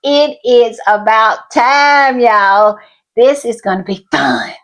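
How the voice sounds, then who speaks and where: Woman commentary host, higher voice, slow, effusive and repetitive. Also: expressive, a bit bright. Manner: gushing, repetitive, addresses viewers as y'all. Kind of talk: enthusiastic fan commentary.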